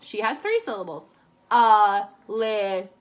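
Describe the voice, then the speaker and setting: A woman with a bright, high voice teaches young children in a video lesson recorded from her room at home. She speaks cheerfully, slowly and clearly for kids, into a phone held at arm's length. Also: animated. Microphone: phone camera at arm's length.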